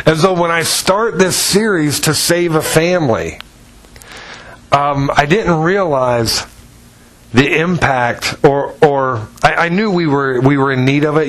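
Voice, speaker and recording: Animated preacher man telling stories. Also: rough recording. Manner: animated storytelling, acts out voices with pitch jumps. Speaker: pastor. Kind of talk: sermon.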